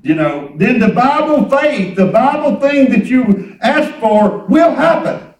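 A man's voice: very high-pitched, lively intonation, takes it slowly, a little mellow, roomy sound, distant mic, rough recording. A man preaching a sermon in a folksy storytelling way, acting out conversations. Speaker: pastor. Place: church hall.

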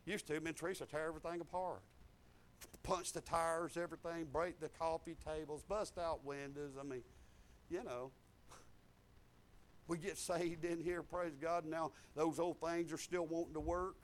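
High-voiced preacher, swinging loud to hushed. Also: male voice, fairly even intonation, normal speed, a little hiss or hum. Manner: swings from shouted declarations to low, confiding asides. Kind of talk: testimony sermon.

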